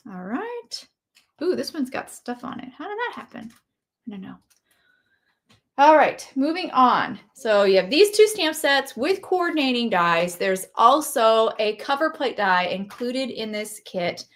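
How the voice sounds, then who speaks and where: A woman doing a casual live walkthrough of craft products, chatty and enthusiastic, gushing over each item. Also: on the high side.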